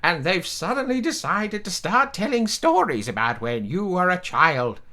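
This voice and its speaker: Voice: mid-range voice, sing-song, moderate pace, bright, forceful tone. Host of a role-play let's play, theatrical, playful, melody all over the place. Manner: playful, theatrical, laughing often. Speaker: game player and channel host. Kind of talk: tabletop role-play game chat.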